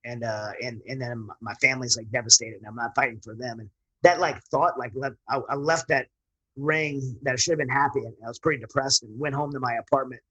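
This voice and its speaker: Fast-talking husky man telling his story. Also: medium pitch, fairly even intonation, sharp tone, lo-fi sound. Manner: earnest, rambling with frequent restarts. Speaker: interview guest, veteran. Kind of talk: candid personal storytelling.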